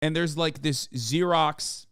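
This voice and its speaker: A man casually telling a story on a podcast, animated and swearing freely, acting out the people in it. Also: a little high, slow pace, clear, resonant tone, dry recording, studio quality. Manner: animated, swears, acts out quoted officials.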